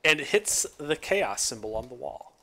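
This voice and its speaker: Man, game master, animated delivery, bright voice, describing a fantasy scene. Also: mid-range voice, unhurried. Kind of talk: narrating a tabletop game.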